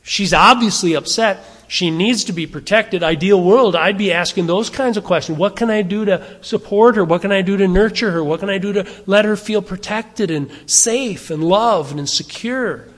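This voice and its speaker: Guy pastor giving a sermon, kinda high voice, chatty asides, big echoey church hall. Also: moderate pace, few pauses, fairly bright tone. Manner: conversational preaching with asides and rhetorical questions. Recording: long hall reverb.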